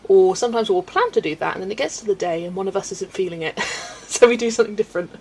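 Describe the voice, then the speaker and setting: A woman's voice: medium pitch, expressive, racing, vocal fry, darkish tone, slight background noise, low-quality recording. A young woman chatting casually on a colouring livestream, answering chat and laughing often. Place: home room.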